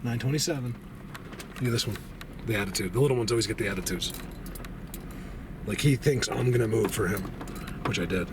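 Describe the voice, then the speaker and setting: Guy rambling to his camera out on a trail, gets fired up then goes hushed, noisy outdoor sound. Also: a little fast, pauses often. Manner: excitable, talks to animals in a high baby voice, drops to hushed tones. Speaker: outdoor vlogger. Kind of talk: casual walking vlog.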